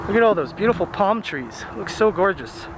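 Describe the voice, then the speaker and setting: High-voiced man chatting outdoors. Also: a little fast, heavy background noise. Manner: chatty, rambling, excited. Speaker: vlogger. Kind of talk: casual walking tour narration. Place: outdoor city park.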